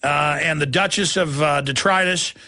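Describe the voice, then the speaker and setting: A man's voice: a little high, normal speed, bright, forceful tone. A middle-aged man hosting a talk radio show, ranting in a rambling, insulting way that stumbles over its own words.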